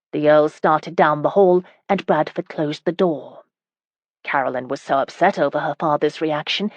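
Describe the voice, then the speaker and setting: A woman narrating a historical romance audiobook in a steady, even storytelling manner. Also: lowish voice, dry recording.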